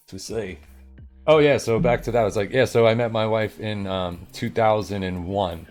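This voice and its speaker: A middle-aged man from New York telling a story on a live stream, animated and acting out the people in it. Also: on the low side, unhurried, faint music behind. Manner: animated, acts out voices of people in his story, swears. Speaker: livestream host. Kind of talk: casual storytelling on a coding stream.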